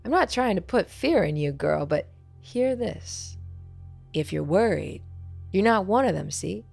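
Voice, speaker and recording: A woman's voice: mid-range voice, lively intonation, measured pace, gravelly, darkish tone, faint music behind, pitched above the performer's own voice, heavily acted. A woman voicing a talkative, sly little old man who laughs to himself as he rambles. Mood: rambling.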